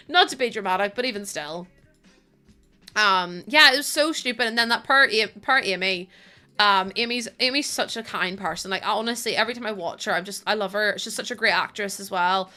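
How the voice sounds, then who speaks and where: A young British woman chatting casually to her viewers while she plays a game on a live stream. She talks in an expressive, chatty way, swears freely and laughs often. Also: medium pitch. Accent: British English.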